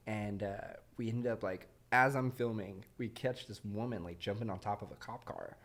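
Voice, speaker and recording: A man's voice: on the low side, moderate pace, a bit bright. A young man hosting a podcast, telling stories in a laid-back, casual way and laughing often. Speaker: podcast host. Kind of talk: casual chat. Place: podcast studio.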